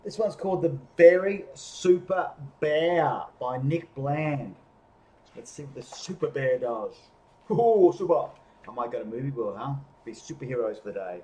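A man reading a picture book aloud as a bedtime story, gentle and expressive. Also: mid-range voice, measured pace. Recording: echoey room.

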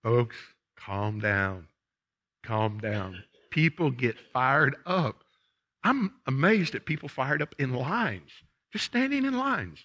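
Folksy preacher, slow and bright. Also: male voice, on the high side, very animated, husky, muffled recording. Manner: folksy, swings from quiet to loud punchy asides. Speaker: pastor. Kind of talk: sermon. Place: church sanctuary.

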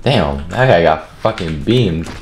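A man's voice: low-pitched, lively intonation, measured pace, reverberant, music in the background. A man giving profane, taunting commentary over his own gameplay. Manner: profane, taunting trash talk. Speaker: gaming video host.

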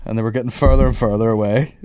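A man's voice: fairly low pitch, steady tone, racing, mellow, clear, resonant tone, no room sound. A man, hosting a casual comedy podcast, swearing and laughing through anecdotes. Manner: swears freely, laughs often, tells anecdotes. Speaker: podcast host.

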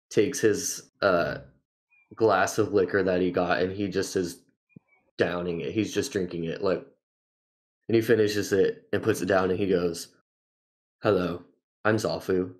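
Deep-voiced man player.

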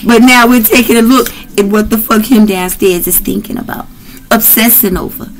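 A woman's voice: fairly high pitch, moderate pace, low-quality recording. Brash, profane woman reading tarot. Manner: brash, profane, rowdy and playful. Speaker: tarot reader.

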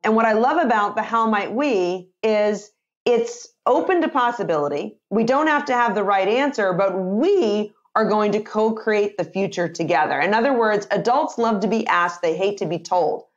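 A woman in her fifties, a communication author and sales trainer, talking energetically in a podcast interview and acting out phrases in lively voices. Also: medium pitch, normal speed, lo-fi sound.

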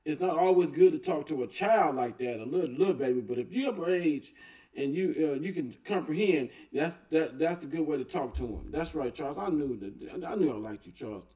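A man's voice: fairly high pitch, animated, fairly quick, mellow, far from the mic. A man hosting a reaction video, commenting on a clip in a laid-back way and agreeing often.

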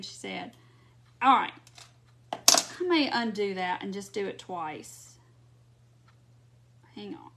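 A woman with a voice on the high side and some vocal fry hosts a casual craft livestream. She giggles often while chatting to viewers, picked up by a phone or webcam.

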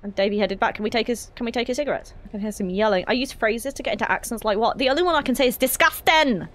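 A woman's voice: on the high side, racing. A young woman streaming a horror game, chatty and giggly with rambling asides. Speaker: gaming streamer. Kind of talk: casual let's-play commentary.

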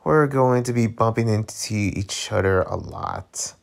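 A man reading out a comic character who calmly reaches out to an ex, in a plain, even voice. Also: fairly low pitch, unhurried, vocal fry.

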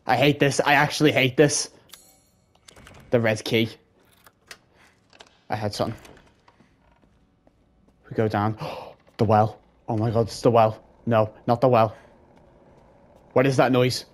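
Male let's-play host, mid-pitched, scared and swearing as he plays a horror game. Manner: jumpy, frightened, swearing. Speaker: gaming channel host.

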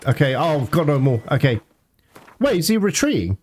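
A man commenting on his gameplay, reacting with excited, panicky outbursts. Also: a little high, fairly quick, noisy background. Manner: excitable, panicky outbursts and laughter mid-fight. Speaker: let's play gamer.

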